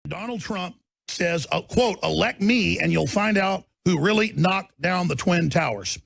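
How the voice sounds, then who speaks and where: A radio talk show host, a man, delivering an impassioned on-air rant that builds into shouting. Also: high-pitched, animated, a little slow, vocal fry, dry recording. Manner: preachy, rising to shouting.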